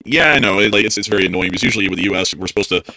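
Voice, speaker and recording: A man's voice: low-pitched, very fast, vocal fry, pushed and bright, dry recording. A man co-hosting a live news stream, giving opinionated, exasperated commentary. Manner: opinionated and exasperated, drawls out mocking asides.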